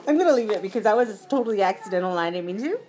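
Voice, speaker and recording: A woman chatting casually as she plays a mobile game, giggly and quick to apologize. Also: medium pitch, lively intonation, darkish tone. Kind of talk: casual gameplay commentary.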